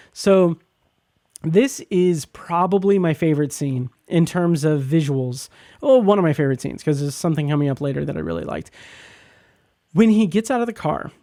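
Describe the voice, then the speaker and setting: Rambling man with a mellow voice. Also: a little high, no room sound, clean studio sound. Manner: halting, many fillers and restarts, enthusiastic. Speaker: podcast host reviewing a TV episode. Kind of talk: casual spoken review.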